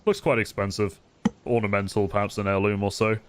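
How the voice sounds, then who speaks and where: A man narrating a tabletop game as game master, relaxed and descriptive. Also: lowish voice, a little fast, clear, resonant tone.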